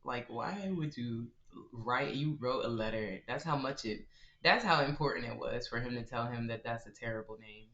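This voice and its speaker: A man's voice: medium pitch, normal speed, sharp tone. A man chatting casually to his viewers while playing a game live, giggling often and calling his audience y'all. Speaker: game streamer. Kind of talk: casual live-stream chat while gaming. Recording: roomy, slightly dull live-stream audio.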